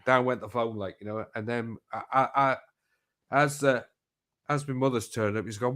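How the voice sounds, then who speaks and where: A man's voice: medium pitch, fairly even intonation, normal speed, a bit bright. A middle-aged man, telling rambling stories in casual chat, swearing freely and restarting his sentences.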